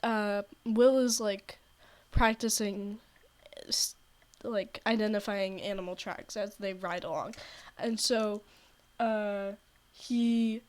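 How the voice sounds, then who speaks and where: A woman's voice: medium pitch, steady tone, slow pace, long pauses. A young woman streamer with a scratchy throat, rambling as she retells a story to friends. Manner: rambling, full of "like" and restarts.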